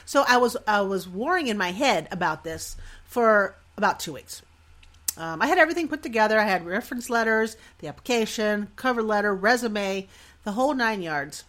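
A middle-aged woman hosting a podcast, telling a personal story in an animated, self-deprecating way and laughing often. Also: mid-range voice, moderate pace. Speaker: podcast host.

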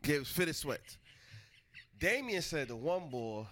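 A man hosts a casual podcast chat, animatedly telling a story full of laughter and acted-out quotes. His voice is a little high and his delivery a little slow.

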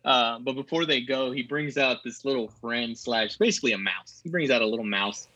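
A man co-hosting a casual podcast recap, telling each scene like a lively story. His voice is bright and pushed forward. The sound is dry and close, with little room in it. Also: mid-range voice, brisk, no echo, muffled recording. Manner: animated storyteller who acts out quotes and laughs often. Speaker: podcast co-host.

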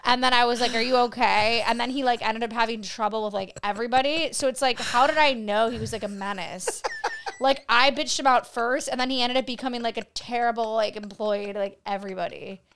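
A woman's voice: fairly high pitch, steady tone, brisk, fairly bright tone, smooth. Blunt young woman guest swearing freely. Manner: blunt, swears a lot, fillers like "like". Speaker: podcast guest. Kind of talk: casual chat, storytelling.

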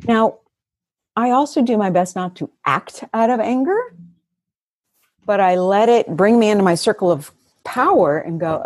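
A woman's voice: mid-range voice, animated, normal speed, long pauses, darkish tone, no room sound, studio quality. A woman guest on a casual podcast, telling stories animatedly, laughing often and acting out her own thoughts. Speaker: guest coach.

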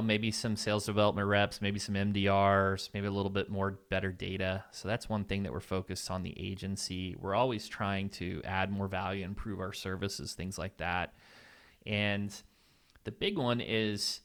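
A man with a somewhat low, nasal voice talks as a podcast guest. He is upbeat and candid, and he rattles off ideas in quick conversational bursts. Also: level tone, a bit bright, clean tone. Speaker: podcast guest, agency owner. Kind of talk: casual interview answers.

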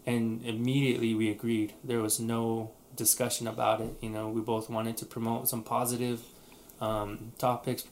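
A man co-hosting a relaxed podcast, telling a story in loose, rambling sentences that he often restarts. His voice sits at a middle pitch. A faint noise hums under the recording. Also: moderate pace. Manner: rambling, frequent restarts and fillers. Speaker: podcast co-host. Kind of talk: casual chat.

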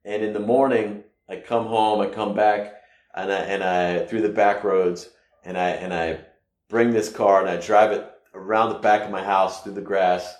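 A man from the United States telling a personal story casually, rambling with halting restarts and sudden loud bursts. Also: fairly low pitch, fairly even intonation. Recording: echoey room.

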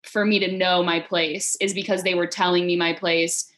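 A woman and former player chatting casually, telling stories with lively acted-out quotes and lots of fillers. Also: fairly low pitch, moderate pace. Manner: animated storyteller, acts out quotes, many fillers. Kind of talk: casual podcast chat.

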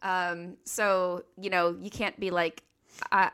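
A woman's voice: fairly low pitch, level tone, slow pace, a bit bright, clear, resonant tone. Woman, podcast co-host, casual teasing banter, rambling delivery. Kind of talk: casual chat.

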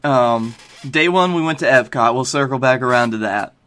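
Laid-back bright-voiced podcast co-host. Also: male voice, medium pitch, normal speed. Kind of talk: casual chat.

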